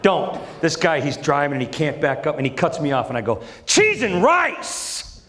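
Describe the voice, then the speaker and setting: A middle-aged man performing a stand-up comedy set on a large theater stage, telling stories with lively energy and acting out his family's voices. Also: mid-range voice, brisk. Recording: echoey live theater with audience.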